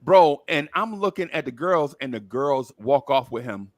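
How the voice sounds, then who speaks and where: A man's voice: medium pitch, normal speed. A man, telling a long story in casual chat and acting out the other people's voices. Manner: animated storyteller, acts out voices. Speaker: podcast co-host.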